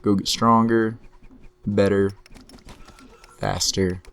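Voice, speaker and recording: Low, gravelly, slow-talking man. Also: little pitch movement, fairly bright tone. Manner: unhurried, talks through each move to himself. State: losing his voice. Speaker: gameplay commentator. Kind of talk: relaxed let's-play commentary.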